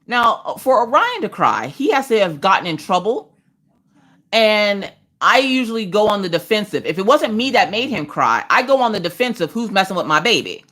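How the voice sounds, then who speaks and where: Hosting a livestream from home, a woman in her thirties sits on her couch crafting and chatting casually at a moderate pace and medium pitch. She tells animated stories, switching into voices for the people she quotes.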